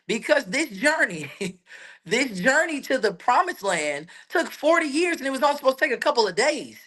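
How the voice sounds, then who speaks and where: A man preaching a sermon in a colloquial, energetic way, asking rhetorical questions and repeating his points. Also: very high voice, moderate pace. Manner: colloquial, laughs between points.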